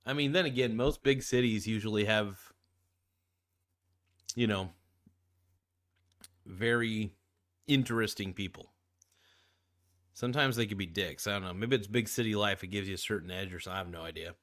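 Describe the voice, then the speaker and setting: A man's voice: on the low side, moderate pace, pauses often, fairly bright tone. A man hosting a casual reaction video, talking in a laid-back, slangy way with plenty of swearing while he snacks on crackers.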